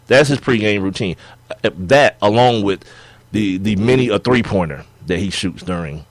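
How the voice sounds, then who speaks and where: A young man co-hosting a sports podcast in casual chat, animated and laughing as he argues his points. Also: on the low side, moderate pace, dry recording. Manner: animated, laughing, acts out players' quotes.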